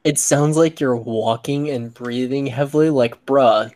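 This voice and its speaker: A man's voice: medium pitch, fairly even intonation, unhurried, a little mellow, dry recording, poor audio. Teasing man co-hosting a podcast. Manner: teasing, sarcastic. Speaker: podcast co-host. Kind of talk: casual chat.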